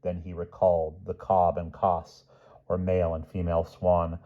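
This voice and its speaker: Brief: male storyteller with a deep, warm voice, savoring every list, on a muffled recording. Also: completely flat delivery. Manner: measured, relishing word lists. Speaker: audiobook reader. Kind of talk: storybook reading aloud.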